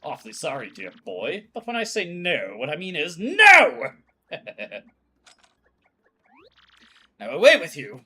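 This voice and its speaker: A man's voice: mid-range voice, lively intonation, a little fast, fairly bright tone, breathy edge. A man voicing a stubborn, bitter old male sailor in a posh, clipped manner. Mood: dismissive.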